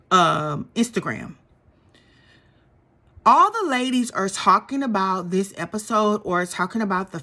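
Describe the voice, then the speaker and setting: A young woman, chatting casually and gossiping as she recaps a reality show. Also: medium pitch. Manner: animated and gossipy, acts out quotes.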